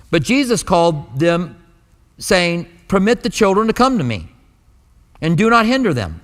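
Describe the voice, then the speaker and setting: A man's voice: on the high side, a bit bright. A man preaching a sermon as pastor, telling stories in a conversational way and acting out the dialogue. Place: church sanctuary. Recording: long hall reverb.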